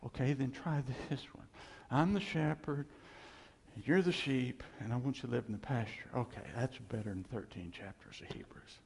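A man pastor preaching a sermon, emphatic and repetitive, reading scripture slowly. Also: mid-range voice, vocal fry, a little mellow, slightly rough. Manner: emphatic, repeats phrases, reads scripture slowly. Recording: echoey hall.

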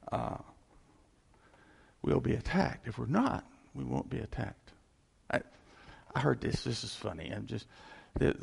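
A man's voice: mid-range voice, vocal fry, breathy edge, long reverb tail. A male pastor giving a conversational sermon, repeating phrases for emphasis and chuckling as he goes.

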